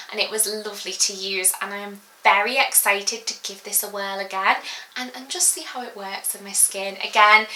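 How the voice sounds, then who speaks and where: A young woman chatting casually through a haul video, rambling and filling pauses as she goes. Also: mid-range voice, bright, forceful tone. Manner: chatty and rambling, full of giggles and fillers. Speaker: beauty vlogger. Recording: echoey room.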